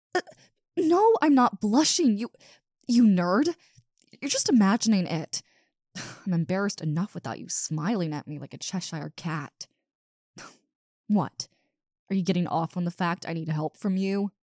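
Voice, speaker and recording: A woman's voice: mid-range voice, darkish tone, no room sound, studio quality. A woman voicing a big, muscular wolf monster girl who stammers, swears and talks bluntly in an audio role-play. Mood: flustered, then embarrassed.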